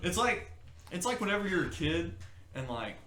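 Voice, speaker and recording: A man co-hosting a podcast, chatting casually and telling stories with lively acted-out quotes and shouts. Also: high-pitched, moderate pace, echoey room. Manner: animated storytelling, acts out shouts and quotes. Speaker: podcast co-host. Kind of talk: casual chat.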